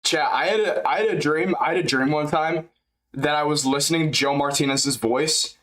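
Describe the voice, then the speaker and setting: A man's voice: fairly high pitch, normal speed, a bit bright. A young man chatting live as a streamer during a fight event, joking, crude and rambling. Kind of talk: live fight-companion chat.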